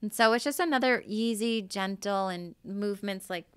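Bright, crisp-voiced Boston woman. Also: medium pitch, moderate pace, no echo, clean studio sound. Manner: candid, swears freely, loose and rambling. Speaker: guest, yoga and breathwork facilitator. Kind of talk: casual interview chat.

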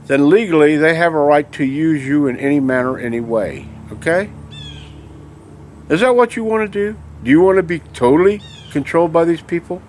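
A male vlogger rants angrily to camera, heated and emphatic, repeatedly asking his listeners "okay?" to check in. His voice is fairly high, with a little hiss or hum in the recording.

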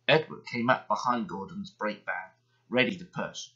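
A man reading a children's bedtime story aloud in a gentle, expressive way. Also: fairly low pitch, moderate pace. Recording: dull lo-fi sound.

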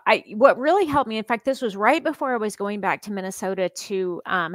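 A woman guest on a podcast, talking in an animated, earnest way and laughing often. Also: medium pitch, no room sound. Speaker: podcast guest, psychologist and author. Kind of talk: casual conversational interview.

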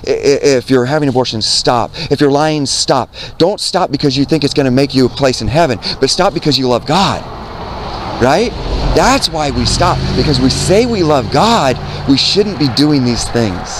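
A man preaches outdoors in an earnest, conversational way, quoting scripture and checking in with "right?" His voice sits at an ordinary middle pitch. Faint traffic noise hums beneath him. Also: animated, normal speed. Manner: earnest, repeats himself, quotes scripture, asks "right?". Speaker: street preacher. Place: outdoors by a road.

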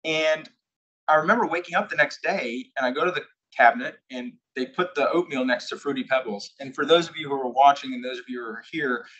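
Husky man telling a candid personal story. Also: medium pitch, fairly quick, highs cut off. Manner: candid storytelling, acting out shouted quotes. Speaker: invited speaker. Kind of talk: personal story talk to a live audience. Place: corporate headquarters presentation room.

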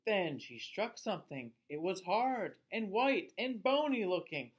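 A male teacher reading a picture book aloud to children in an expressive voice, asking them questions along the way. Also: sits high, a little slow. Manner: expressive, asks listeners questions.

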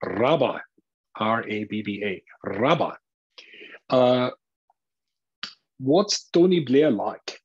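A man's voice: medium pitch, expressive, takes it slowly, long pauses, slightly rough. A man voicing an eager little South African man from the audience who keeps asking earnest questions, in a dull lo-fi lecture recording.

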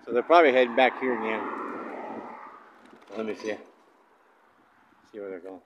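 A man filming cattle outdoors on a hillside, coaxing and calling to the animals in a high sing-song voice, then talking casually to the camera. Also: normal speed, muffled recording, background noise. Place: outdoors in a hilly pasture.

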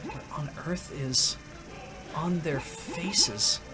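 A man talks casually over a game stream, his voice sitting a bit high. He rambles and restarts his sentences, filling gaps with ums and uhs. Faint game music plays underneath. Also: lively intonation. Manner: rambling, halting with many fillers. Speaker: stream co-host. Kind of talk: casual gameplay chat.

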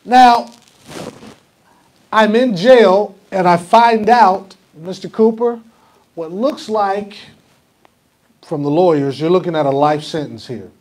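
A man's voice: high-pitched, slow, long pauses, darkish tone. A man pastor preaching a conversational sermon in a church, often asking the congregation questions. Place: church sanctuary.

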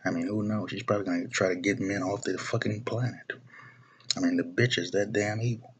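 Talking a little fast in a low, slightly rough voice with fairly even intonation, a young man rants about politics to the camera. This video blogger is blunt and profane, often looping back to repeat himself and restart his phrases.

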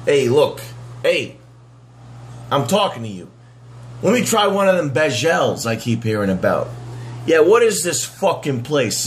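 Guy doing a loud rude tough-guy character, voice swings all over, some hum behind. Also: fairly high pitch. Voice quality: gruff, rude, wisecracking street-guy manner. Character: brash tough-guy man baffled by bagels. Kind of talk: comedy sketch.

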